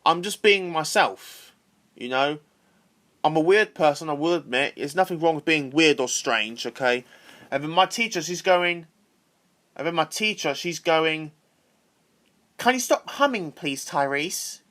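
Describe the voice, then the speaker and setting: Bright-voiced guy ranting. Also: a little high, measured pace. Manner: ranting, repetitive, swears freely. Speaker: vlogger. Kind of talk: casual rant to camera.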